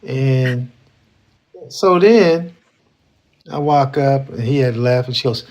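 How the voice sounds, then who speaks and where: A man's voice: medium pitch, takes it slowly, long pauses, darkish tone. A man co-hosting a casual talk show, telling a dating story and acting out the quoted lines. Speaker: co-host.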